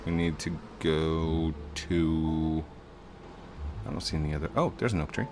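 A man's voice: a little slow, noisy background. A man hosting a casual gameplay session, joking, laughing and humming along. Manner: playful, laughs often, hums and sings along; excitable, pitch jumps high when alarmed. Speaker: gaming channel host.

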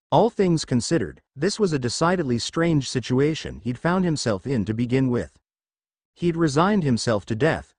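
A man's voice: medium pitch, darkish tone, dry recording. A man reading a fan-fiction story aloud as scripted narration, with a dramatic delivery.

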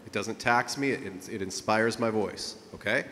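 A man's voice: lowish voice, moderate pace, a bit bright. Vocal coach man in a reverberant room. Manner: encouraging, coaching with frequent "okay?" checks. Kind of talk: singing lesson with vocal exercises.

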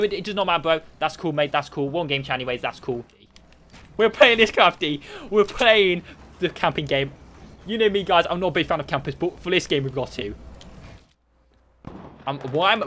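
A man giving casual gameplay commentary as a streamer, excitable and constantly talking to his viewers. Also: fairly high pitch, fairly quick, slight background noise. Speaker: gaming streamer.

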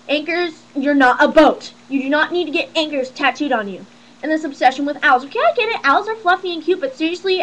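Teen girl vlogger, high-pitched, rambling sarcastic rant. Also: fairly bright tone, poor audio. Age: teens. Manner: sarcastic, exasperated, rambling with restarts. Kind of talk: casual rant to camera.

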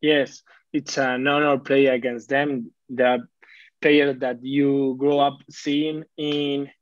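A young Argentine man, a rugby player whose first language is Spanish, answering interview questions in simple, halting English with an Argentine Spanish accent. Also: medium pitch, flat delivery, dry recording, highs cut off.

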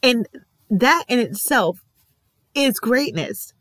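A woman's voice: mid-range voice, lively intonation, takes it slowly, long pauses, fairly bright tone, no room sound. A woman giving an earnest, emphatic reaction commentary on a TV episode, repeating affirmations with feeling. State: emotional. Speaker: TV reaction vlogger.

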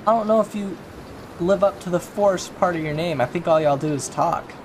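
Man, gaming commentary, chatty, jokey, a bit high-pitched, noisy background. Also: a little fast. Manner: chatty, jokey, talks to himself while playing. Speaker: gaming YouTuber. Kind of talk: casual let's-play commentary.

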